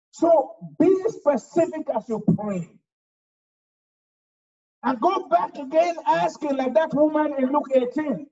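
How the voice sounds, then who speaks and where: A male pastor with a very high voice preaches his sermon, driving points home with shouts and repetition. He is heard from a distance off the mic. The recording is dull and muffled.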